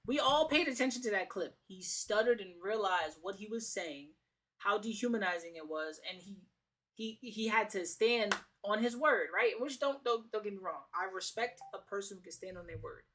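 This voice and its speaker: Bright, heated New streamer woman. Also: mid-range voice, expressive, moderate pace. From The Bronx, New York. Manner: heated, profane, slangy, repeats phrases. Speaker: streamer host. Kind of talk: casual reaction commentary.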